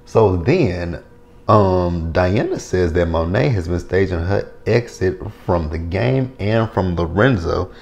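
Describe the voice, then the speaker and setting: A man giving a casual, animated and profane recap of a TV episode, acting out the characters' lines. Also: sits low, slow, gravelly, dull audio. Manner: animated, profane, acts out the scenes with quotes. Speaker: TV episode reviewer.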